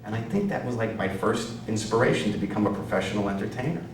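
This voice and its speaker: A man's voice: lowish voice, fast, a little hiss or hum. A man from Connecticut doing stand-up comedy, brash and self-mocking, chatting with the crowd from a stage. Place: theater stage. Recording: echoey hall, distant mic, audience audible.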